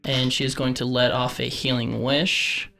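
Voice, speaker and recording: A man's voice: medium pitch, little pitch movement, moderate pace, creaky, sharp tone, faint music behind. A man playing a tabletop game, methodically describing his characters' moves and politely correcting himself. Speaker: player.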